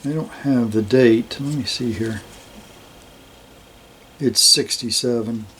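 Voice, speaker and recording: Slow, easygoing older man. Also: mid-range voice, a little hiss or hum. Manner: slow, relaxed, admiring, with fillers. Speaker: metal detecting hobbyist host. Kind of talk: casual show-and-tell of a coin collection.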